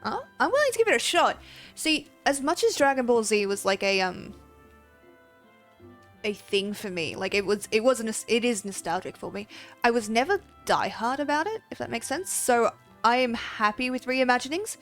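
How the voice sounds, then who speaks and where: A woman's voice: a little high, lively intonation, moderate pace, faint music behind. A woman streamer chatting casually with viewers while playing a game, laughing often and swearing freely. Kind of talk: casual livestream chat.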